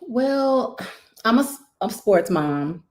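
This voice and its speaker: A woman's voice: on the high side, takes it slowly. A woman, a guest on a talk stream, speaking earnestly and telling a story in a conversational way. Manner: earnest, storytelling, animated when recounting. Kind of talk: conversational discussion.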